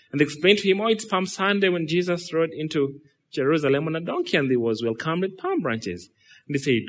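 A man with a somewhat high voice preaching with great feeling. He rises into loud, pressing rhetorical questions, then drops to quiet, drawn-out phrases, and slips into voices for the people he quotes. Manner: animated, swinging between loud rhetorical questions and hushed, slowed lines; acts out quotes and imagined dialogue in the middle of preaching. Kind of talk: sermon.

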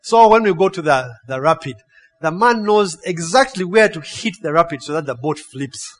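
A man with a high voice preaching a sermon. His delivery is animated and full of stories, and he keeps asking the congregation "huh?" and "yeah?" to draw them in. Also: normal speed. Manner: storytelling with laughs and playful acted quotes. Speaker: pastor. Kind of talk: sermon with a personal story.

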